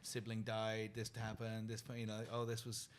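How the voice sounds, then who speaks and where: A British man in his forties, a podcast guest speaking in an earnest, soft-spoken and reflective way. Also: on the low side, monotone, moderate pace, slight background noise. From United Kingdom. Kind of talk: reflective interview conversation.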